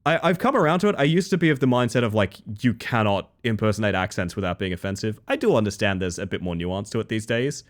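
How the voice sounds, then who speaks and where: A man's voice: on the low side, expressive, fast talker, few pauses. A young Australian man chatting casually on a game stream, reading chat messages and rambling with restarts.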